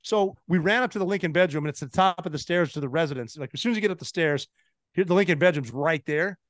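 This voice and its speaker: A man in his forties from the United States, a podcast guest telling animated stories in casual chat, with restarts and laughs. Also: on the high side, fast, no room sound, clean studio sound. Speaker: podcast guest, former Navy SEAL.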